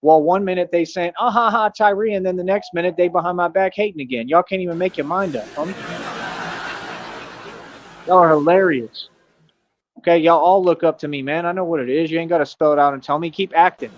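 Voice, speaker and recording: A man on a livestream, bragging loudly and mocking rivals in a loose, rambling way. His voice sits a little higher than most men's, and his speech is full of fillers. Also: a little fast, lo-fi sound, noisy background. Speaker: streamer. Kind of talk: livestream rant.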